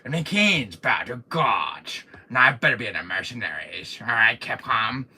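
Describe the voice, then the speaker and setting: A man's voice: medium pitch, sing-song, moderate pace, sharp tone, slightly rough, heavily acted. A man playing a vain, menacing male game villain who boasts, curses and slips into whispers during a live stream. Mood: arrogant. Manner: boastful, cursing, drops into whispers. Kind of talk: in-character live stream, toy pick-up.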